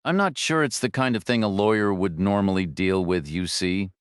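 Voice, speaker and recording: A man voicing a frail old woman who speaks hesitantly, wavering, low and resigned. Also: normal speed, clean tone, no room sound, studio quality, close to an everyday voice.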